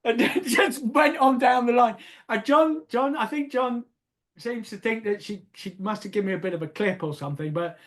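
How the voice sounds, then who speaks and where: Older English man, storytelling guest, halting and self-mocking, casual interview. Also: very high-pitched. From England. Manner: hesitant, repeats words, laughs at himself.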